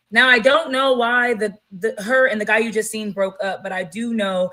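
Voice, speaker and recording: A woman hosting a gossip podcast, talking in an animated, blunt and profane way. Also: a little high, normal speed, few pauses, poor audio. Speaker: podcast host. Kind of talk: casual gossip commentary.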